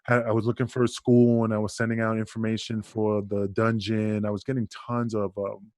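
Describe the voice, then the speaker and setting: A man's voice: fairly low pitch, fairly quick, dry recording, clean studio sound. Profane, rambling New man. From Queensbridge, New York. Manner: profane, rambling, animated storyteller. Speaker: podcast guest, wrestler. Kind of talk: casual storytelling chat.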